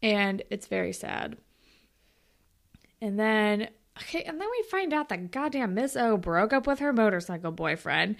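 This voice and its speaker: A young woman in casual chat, recapping a TV episode with a friend, animated and swearing freely, acting out what the characters say. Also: mid-range voice, measured pace, creaky. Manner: animated, acts out quotes with big swings, swears freely. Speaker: podcast co-host recapping a TV episode.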